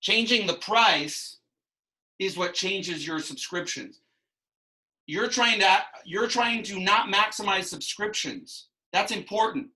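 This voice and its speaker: The audio is poor as a man with a high-pitched, bright, forceful voice teaches math a little slowly. He explains concepts in classroom style, rambling, restarting often and adding asides.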